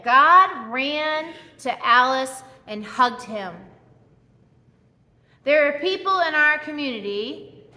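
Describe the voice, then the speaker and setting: A woman's voice: high voice, pushed and bright. A woman pastor giving a sermon, telling a story with energy and acting out the characters' lines. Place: church hall. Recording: echoey church hall.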